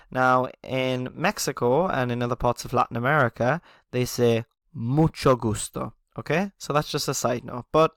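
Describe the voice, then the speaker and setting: A male language teacher with a gravelly, creaky voice, recorded dry and close. He explains things patiently to beginners, keeps checking in with "okay?" and chuckles at his own asides. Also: mid-range voice, fairly bright tone, dry recording. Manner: chuckles at himself.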